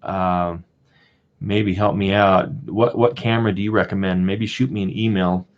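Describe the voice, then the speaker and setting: A man with a very deep, low voice talks casually on a live stream, greeting viewers one by one. He rambles with plenty of fillers and restarts and chuckles now and then. The audio is dull and lo-fi. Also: steady tone, normal speed. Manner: rambling, chatty, reads out viewer names. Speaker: streamer and coin collector.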